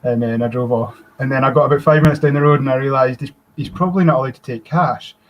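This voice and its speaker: A man's voice: mid-range voice, quick pace, lo-fi sound. Self-deprecating man telling stories. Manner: self-deprecating, animated storyteller. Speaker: guest. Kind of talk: casual storytelling.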